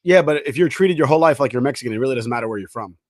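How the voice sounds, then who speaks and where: A man's voice: medium pitch, expressive, racing, darkish tone, no echo, clean studio sound. A man co-hosting a casual podcast, arguing insistently with long examples. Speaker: podcast co-host. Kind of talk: casual argumentative chat.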